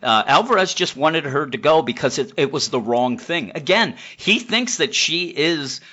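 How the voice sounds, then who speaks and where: A man co-hosting a casual comic book chat, retelling scenes with animated energy and acting out the characters' lines. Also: a little high, moderate pace, dull audio. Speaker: comic book podcast co-host.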